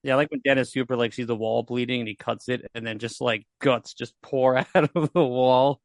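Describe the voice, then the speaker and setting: A man chatting about a film on a podcast, animated, laughing often and pointing out shots and effects. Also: mid-range voice, a little fast, no echo, clean studio sound. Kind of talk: casual film discussion.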